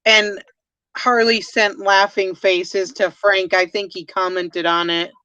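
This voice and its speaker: A woman's voice: mid-range voice, flat delivery, slow, pushed and bright. A woman hosting a live stream, casually and bluntly reading viewer comments aloud. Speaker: host and medium. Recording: dry, lo-fi stream audio.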